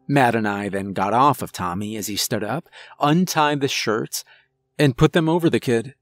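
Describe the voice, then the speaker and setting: A man narrating a first-person horror story in a measured, tense way, over faint music. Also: mid-range voice, a bit bright.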